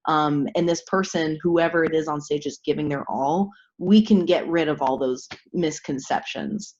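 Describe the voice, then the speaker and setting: A woman's voice: deep voice, normal speed, a little mellow, a little hiss or hum. A woman who performs as a drag king, chatting casually as a guest, hesitant and laughing often. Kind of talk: casual chat. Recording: muffled lo-fi audio.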